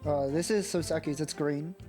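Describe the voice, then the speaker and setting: A co-player casually discussing a courtroom game's puzzle, chatty and quick to laugh. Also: medium pitch, music in the background. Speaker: streamer co-player. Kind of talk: casual game commentary.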